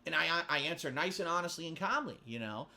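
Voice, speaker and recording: A man's voice: on the high side, lively intonation, fast, sharp tone. A man in a vlog clip, talking earnestly and rambling about his channel, repeating himself. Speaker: YouTuber. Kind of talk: vlog monologue.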